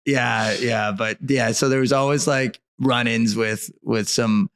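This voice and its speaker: A man in the guest seat, spinning a casual story with animated energy. He rambles and sprinkles "like" everywhere. His voice sits at an ordinary middle pitch for a man. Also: unhurried. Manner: animated, rambling, frequent "like" fillers. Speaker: brewery co-founder, guest.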